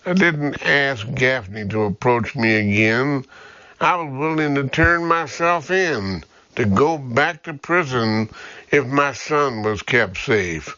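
A man's voice: medium pitch, expressive, takes it slowly, bright, forceful tone, dry recording, lo-fi sound. A man reading an audiobook, voicing a bitter, frightened young mother who was wrongly imprisoned, pleading and defiant. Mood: desperate.

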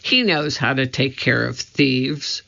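A gruff, mocking male castle guard from a storybook, as an audiobook reader puts him on. He sneers and bosses in a gravelly voice. The recording is muffled and lo-fi. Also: medium pitch, lively intonation, slow, sharp tone, full character voice. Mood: sneering.

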